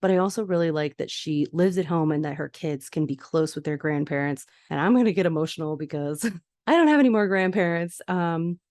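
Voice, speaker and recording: A woman's voice: low-pitched, brisk, a little mellow, dry recording, clean studio sound. A woman hosting a podcast, recapping a TV episode in a chatty, enthusiastic and sentimental way. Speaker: podcast host.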